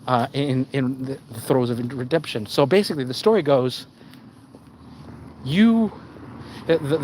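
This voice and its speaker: A man's voice: medium pitch, slight background noise, poor audio. A man ranting on a live stream, swearing and stumbling over his words as he repeats himself.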